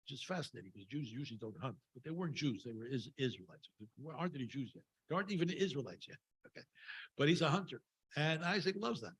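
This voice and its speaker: A man's voice: medium pitch, lively intonation, fast, a bit bright, husky, low-quality recording. A man giving an informal, conversational sermon at a synagogue service, wandering into wry asides as he retells a scripture story. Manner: conversational and digressive, with frequent fillers and wry asides. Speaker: speaker giving a Torah talk at a Shabbat service.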